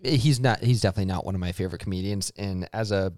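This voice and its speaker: A man's voice: sits low, rapid-fire, a little mellow, dry recording, clean studio sound. A man co-hosting a podcast, chatting casually and agreeably, often starting with a hesitant stammer. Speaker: podcast co-host. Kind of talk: casual chat.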